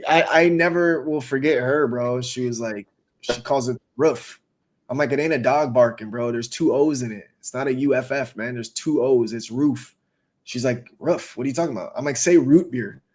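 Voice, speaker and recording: A man's voice: mid-range voice, normal speed. A man hosting a casual live chat, laid-back and slangy, often laughing while he talks. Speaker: host.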